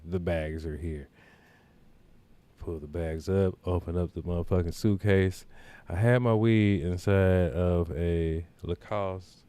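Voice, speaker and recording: A podcast host with a low, mellow voice tells a rambling, profane anecdote in casual storytelling, chatting along with plenty of asides.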